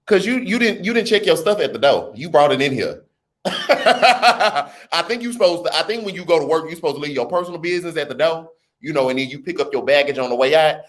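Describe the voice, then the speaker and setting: An animated man hosts a casual live stream, his voice bouncing high and low as he riffs on viewer comments. He talks in relaxed slang and often breaks into laughter, and his voice sits a little higher than most men's. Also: fairly quick. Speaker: livestream host.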